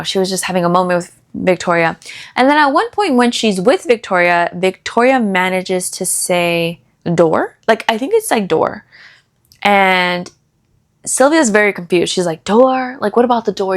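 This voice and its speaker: A young woman talks through a book's plot as if gossiping with a friend. She is casual and animated, tossing in fillers and quick reactions as she retells each scene. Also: medium pitch. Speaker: book review vlogger. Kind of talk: casual chatty book review.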